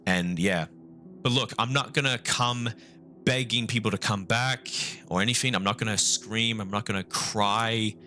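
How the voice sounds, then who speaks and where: A young man talking on a live stream, halting and remorseful, swearing often and trying to stay calm and measured. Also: fairly low pitch. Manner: halting, remorseful, repeats and restarts. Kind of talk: casual live-stream talk.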